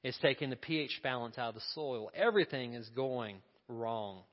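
A man's voice: medium pitch, moderate pace, long reverb tail, lo-fi sound. A male pastor preaching a sermon in a conversational way, asking the congregation questions and adding asides.

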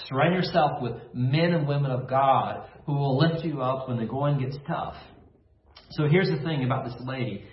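A man's voice: mid-range voice, roomy sound, highs cut off. A man preaching a short devotional sermon to listeners at home, asking them to repeat phrases back to him. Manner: call-and-response, asks listeners to repeat phrases. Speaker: pastor.

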